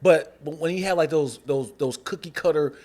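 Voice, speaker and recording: A man guesting on a podcast, talking slowly and haltingly as he searches for words. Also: fairly high pitch, darkish tone. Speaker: comedian guest. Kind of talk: casual chat.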